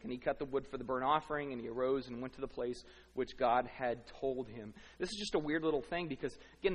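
Middle-aged male pastor, slightly high voice, dramatic sermon delivery with hushed lows and loud peaks, recorded in a reverberant church hall. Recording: long reverb of a large hall.

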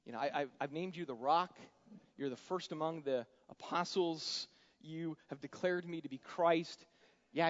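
A man preaching a sermon in a conversational style, moving between loud emphatic lines and soft, quiet ones. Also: on the high side. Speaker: pastor. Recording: dull lo-fi sound.

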